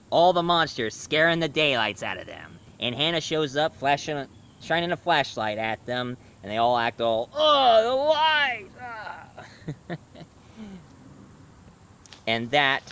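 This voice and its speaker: A man's voice: medium pitch, sharp tone, clear, resonant tone. A man casually reviewing a cartoon, retelling the plot in a rambling way with fillers.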